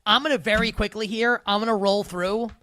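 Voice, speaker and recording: A man's voice: high voice, fairly even intonation, brisk, pushed and bright, dry recording. A man hosting a live sports betting show, joking loosely and rambling with restarts. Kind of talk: casual live show chat.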